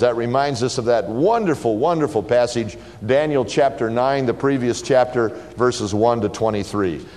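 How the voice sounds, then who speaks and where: A man preaching a sermon, sweeping from raised declarations to hushed, quiet quotations. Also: medium pitch, normal speed, hardly any pauses. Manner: expressive preaching, drops to a hushed voice for quoted words. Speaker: pastor. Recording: long hall reverb.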